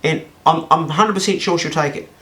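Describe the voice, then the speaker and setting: A woman's voice: deep voice, fairly quick, fairly bright tone. A man with a New Zealand accent voicing his young girlfriend, who is dismissive and then apologetic, in a told story. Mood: pleading. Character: fed-up young woman, the narrator's girlfriend.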